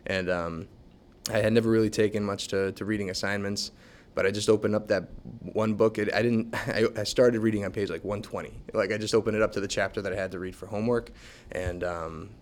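A man who works as a special education teacher, talking in a relaxed, reflective way in an interview. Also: fairly low pitch, fairly quick. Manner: relaxed, reflective, many fillers. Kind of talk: casual interview talk.

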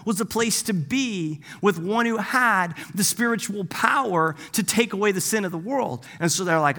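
A man preaches a relaxed, conversational sermon, his voice sitting a little high. He jumps into the parts of the people he talks about and keeps checking in with "right?". The sound carries a long hall reverb. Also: normal speed, hardly any pauses. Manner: casual, animated, acts out voices with asides and "right?". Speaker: pastor.

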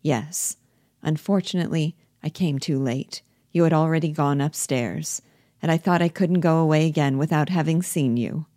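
A woman reading the part of a sober, firm woman friend, quiet and plain-spoken, in a low, dry voice. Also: moderate pace, no room sound, close to an everyday voice. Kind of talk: reading a play aloud.

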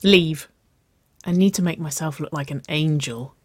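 A reader voicing a young woman, quick with exasperated retorts, in an audiobook. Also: mid-range voice, dry recording, close to an everyday voice. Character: excitable young woman before a first date. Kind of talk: audiobook character voice.

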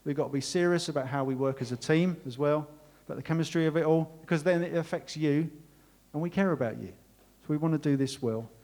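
A man delivers a sermon to his congregation. His voice sits a little higher than most men's. He speaks earnestly and with warmth, as a pastor would. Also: a little fast. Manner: earnest, warm, emotional thanks. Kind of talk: sermon and closing prayer.

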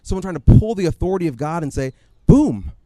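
A man preaching a sermon in a conversational, animated storytelling way, often acting out his own asides. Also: on the high side, racing, no room sound. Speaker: pastor.

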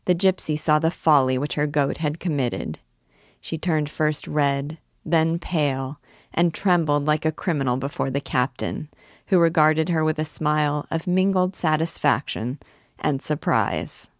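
A woman reading a classic novel aloud as host of a reading series, calm and deliberate. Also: deep voice, no room sound, studio quality. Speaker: audiobook host and reader. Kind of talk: measured literary narration.

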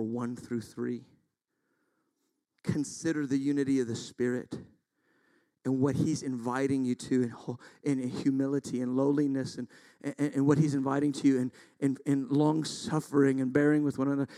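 A male pastor preaches a sermon, intense and emphatic, often swinging up to loud, driving peaks. His voice sits at a middle pitch, and the sound is dry and close. He breaks in with plain, self-deprecating asides. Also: fairly even intonation, moderate pace, no room sound.

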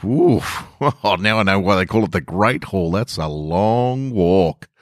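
A man's voice: deep voice, a little slow, no echo, studio quality, voice pushed up. A man voicing a nervous, chatty young male apprentice wizard who rambles and apologizes. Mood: eager rambling.

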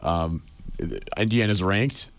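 A man's voice: on the low side, takes it slowly, noisy background. A young man co-hosting a casual sports chat show, chatty and enthusiastic. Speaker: co-host.

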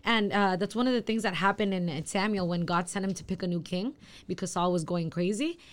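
A woman's voice: medium pitch, brisk. A woman in a casual church group discussion, speaking hesitantly with many fillers and restarts.

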